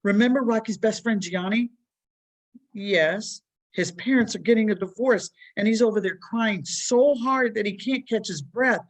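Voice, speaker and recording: A woman's voice: medium pitch, moderate pace, recorded from a distance, pitched above the performer's own voice, natural voice. A woman voicing an eager young boy who urgently wants to go help a friend. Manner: urgent, excited.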